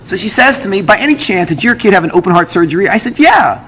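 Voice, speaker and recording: A man, a rabbi, telling a personal story to an audience, acting out the dialogue in an animated way. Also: racing. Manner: lively, acts out dialogue with big pitch jumps. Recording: roomy hall with long reverb, faint noise.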